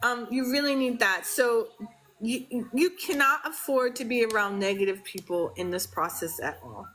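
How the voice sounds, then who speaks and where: A woman's voice: fairly high pitch, moderate pace, a bit bright, rough recording. A woman in casual conversation, speaking frankly and emphatically with frequent fillers. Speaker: podcast conversation partner. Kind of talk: casual chat.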